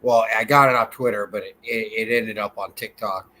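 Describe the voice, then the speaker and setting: A man chatting on a podcast, hesitant and halting as he stumbles through restarts. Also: on the low side, fairly even intonation, sharp tone, slight background noise, rough recording. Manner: hesitant, many fillers and restarts. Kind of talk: casual chat.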